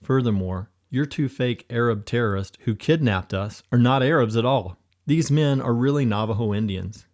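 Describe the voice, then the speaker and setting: An earnest young would-be spy who speaks politely and formally, a little higher than plain narration, as a man voices him. He is sincere and respectful. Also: moderate pace, hardly any pauses, darkish tone, lightly acted.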